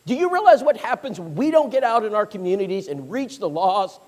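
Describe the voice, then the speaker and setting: High-voiced and fairly quick, a man delivers a sermon built on stories, animatedly acting out the voices of those he quotes. A long hall reverb surrounds the recording.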